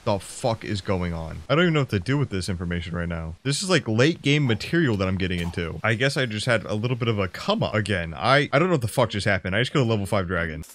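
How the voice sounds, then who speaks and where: A young man doing profane gameplay commentary, swinging from low mutters to loud yelps. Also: big pitch swings, fast, few pauses. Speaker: gaming YouTuber.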